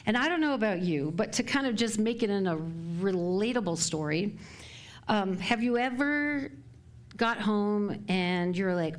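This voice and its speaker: A woman's voice: medium pitch, animated, measured pace. Chatty woman minister giving a sermon. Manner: chatty and warm, laughing often while telling stories. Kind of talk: sermon talk. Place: church sanctuary before a live congregation.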